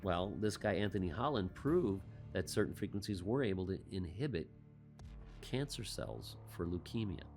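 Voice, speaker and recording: Male host, lowish voice, commentary monologue full of rhetorical questions and dry quips. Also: very animated, normal speed, darkish tone, soft background music. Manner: rhetorical questions with wry asides.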